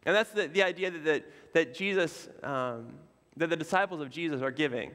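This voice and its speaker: A man pastor preaching a sermon in a relaxed, conversational way, with casual asides and fillers. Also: fairly high pitch, moderate pace, big-room sound. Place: church sanctuary.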